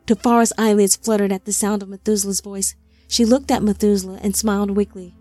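Mellow woman narrating an audiobook. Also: mid-range voice, steady tone, a little fast, dry recording, faint music behind.

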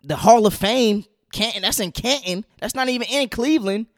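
High-voiced guy ranting about football trades, casual and opinionated, dry close sound. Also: normal speed, dry recording. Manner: opinionated, animated, loose slang. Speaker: sports commentator. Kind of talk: casual sports opinion talk.

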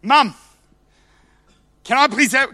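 A man voicing a three-year-old boy in a shopping trolley who keeps asking for cookies, high and insistent. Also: slow, bright, forceful tone, dry recording, heavily acted. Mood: demanding.

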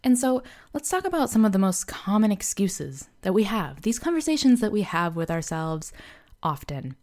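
A woman's voice: mid-range voice, very animated, normal speed, darkish tone. A young woman hosting a casual motivational podcast, talking candidly and loosely with lots of "like" and "you know". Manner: candid and self-deprecating. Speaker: podcast host.

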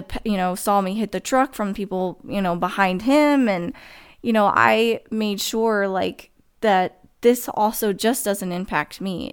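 A young woman telling a personal story to her viewers, emotional and halting, with many restarts and fillers. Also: medium pitch, clean tone.

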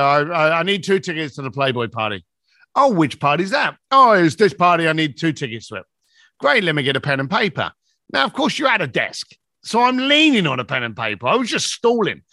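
A middle-aged man tells a story, jumping between voices as he plays out both ends of a phone call. His voice is high, bright and swings widely in pitch. The sound is close and dry. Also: no echo. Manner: acts out both sides of a phone call, shifting pitch a lot. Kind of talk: animated anecdote.

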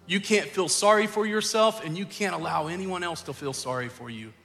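A man's voice: sits high, brisk, vocal fry, pushed and bright. A middle-aged man, a pastor preaching a sermon and telling a family story, earnest and building to emphatic exhortation. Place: church sanctuary. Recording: church hall reverb with faint music.

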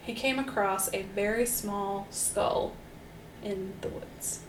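A woman's voice: mid-range voice, slow. A woman co-hosting a casual true-crime podcast, telling a case in an upbeat, chatty way with lots of fillers. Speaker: podcast co-host and storyteller. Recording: roomy echo with faint hiss.

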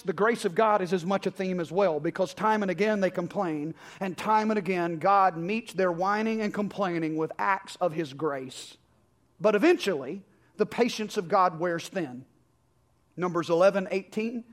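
A pastor delivers a sermon in a notably high male voice. He talks to the congregation conversationally and leans on rhetorical questions. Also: moderate pace.

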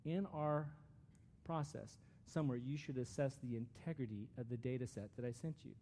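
A man's voice: mid-range voice, normal speed, mellow, slight background noise. A man giving a conversational, earnest sermon as a pastor, with frequent restarts.

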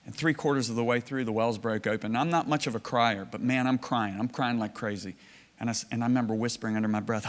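A man's voice: mid-range voice, fast talker. Man preaching in an echoey hall. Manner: storytelling, animated, with laughs and acted-out quotes. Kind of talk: sermon. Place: church or conference hall. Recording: reverberant hall.

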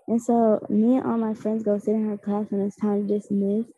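A teenage girl telling a funny classroom story in a chatty, animated way. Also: medium pitch, fairly quick, breathy edge, muffled recording. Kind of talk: casual storytelling.

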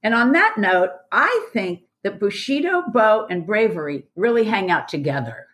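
A woman who teaches karate, hosting a casual group conversation on a podcast, enthusiastic and quick to laugh. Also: medium pitch, big pitch swings, a bit bright. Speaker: karate instructor and podcast host.

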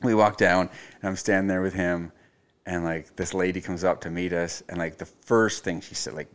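A man's voice: low voice, fairly even intonation, moderate pace. A man from Nova Scotia, a chef guesting on a podcast, telling a story in a loose, rambling way, full of fillers and swearing. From Nova Scotia, Canada. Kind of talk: casual storytelling chat.

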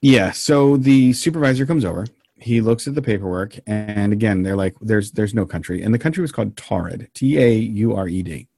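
Dry-voiced man joking deadpan. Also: lowish voice, normal speed, creaky, no echo. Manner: deadpan joking, meandering with frequent ums. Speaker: podcast co-host telling the story. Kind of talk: casual banter and storytelling.

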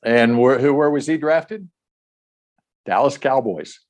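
A man's voice: medium pitch, animated, slow pace, a little mellow. A man co-hosting a sports show in casual, conversational talk, tossing questions to his partner.

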